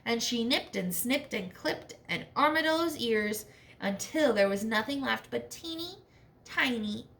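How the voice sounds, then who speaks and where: A woman teacher reading a storybook aloud to children, expressive and checking in with questions. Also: on the high side, a little slow.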